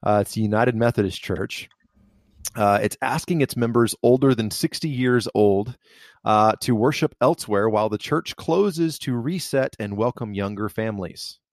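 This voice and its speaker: Low-voiced man, halting podcast chat. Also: dry recording, clean studio sound. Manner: hesitant, many restarts and fillers. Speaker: podcast co-host. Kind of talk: casual faith discussion.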